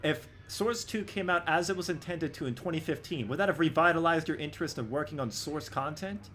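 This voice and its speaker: A man's voice: a little high, a little fast, fairly bright tone, a little hiss or hum. A man hosting a casual game development live stream, chatting with friends in profane, exasperated banter.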